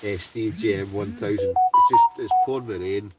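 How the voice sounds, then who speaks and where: Speaking at normal speed in a fairly low, steady voice, this Ayrshire man laughs and chats as he reads out names from his livestream chat. He's wild camping in a heated tent in the snow, far from the mic, with loud music playing behind him.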